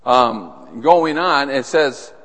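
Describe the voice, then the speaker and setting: A man's voice: medium pitch, lively intonation, very slow, fairly bright tone. A middle-aged man preaching a teaching sermon and putting questions to his listeners. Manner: teaching, asks the audience questions. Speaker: pastor. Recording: long reverb of a large hall.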